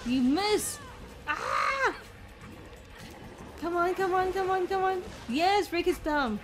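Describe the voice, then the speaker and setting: Very high-voiced excitable woman gamer. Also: normal speed, over music. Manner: excitable, exclaiming and swearing at the game. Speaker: streamer playing a video game. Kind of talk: live gameplay commentary.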